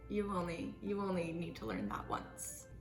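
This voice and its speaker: A woman's voice: lowish voice, very animated, moderate pace. A young woman vlogging while she bakes at home, chatty, self-mocking and dramatic. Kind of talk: casual baking vlog chat. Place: home kitchen. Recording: echoey room with faint music.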